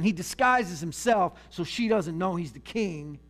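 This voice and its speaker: Male pastor, casual humorous sermon, slightly higher voice. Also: animated, measured pace, a bit bright. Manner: conversational, humorous storytelling.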